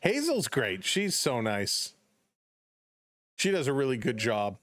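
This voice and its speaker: Taking his time, a man does relaxed play-by-play on a live baseball stream, greeting chat viewers by name between pitches and erupting with excitement on big plays. The sound is studio quality with no room sound.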